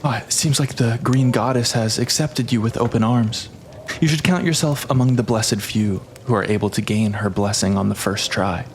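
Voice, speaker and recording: A man's voice: medium pitch, normal speed, a little hiss or hum, close to an everyday voice. A man voicing a destitute male bard who preaches about a goddess, begs and lies when pressed, in a tabletop role-playing game. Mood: pious. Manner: smooth pious pleading, lying when pressed.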